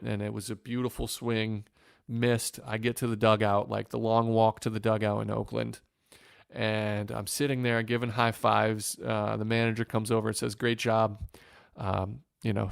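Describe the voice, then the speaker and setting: A man from Northwest Ohio, a former pitcher, telling an earnest story in an interview with many restarts. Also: gravelly, smooth, no echo, studio quality. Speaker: former pro pitcher, podcast guest.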